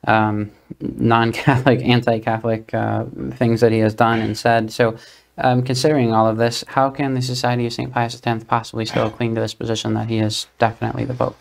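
Male host, low gravelly voice, flat delivery, measured pace. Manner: measured, with frequent fillers. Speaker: host reading listener questions.

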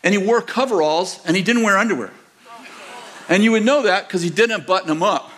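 Older male pastor, sixties, high-pitched, rambling storyteller who acts out quotes in a sermon. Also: a little fast, fairly bright tone. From United States. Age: 60s. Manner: rambling, self-correcting anecdotes with acted-out quotes. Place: church auditorium.

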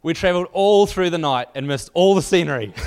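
A man delivers a sermon to a live church audience, spinning a wry, rambling travel story full of fillers and restarts. His voice is smooth and clear, sitting a little high for a man. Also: animated, fairly quick.

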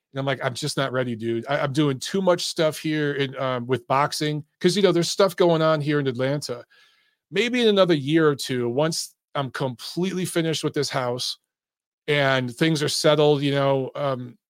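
A man's voice: a little high, dry recording, studio quality. Loose, rambling male livestream host. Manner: loose, rambling, swears casually, laughs often. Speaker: boxing show host. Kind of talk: casual livestream chat. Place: Atlanta.

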